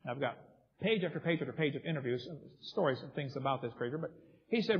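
A man's voice: medium pitch, lively intonation, fast talker, slightly rough. A man from the United States giving a seminar lecture, telling stories vividly and reading out eyewitness accounts. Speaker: seminar speaker. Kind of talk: lecture storytelling. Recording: dull recording in a long-echo hall.

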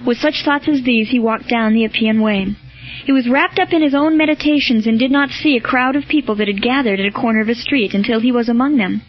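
A woman narrating a storybook in a measured, even way. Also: fairly high pitch. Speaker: audiobook narrator. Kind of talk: scripted narration. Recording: dull lo-fi with faint music.

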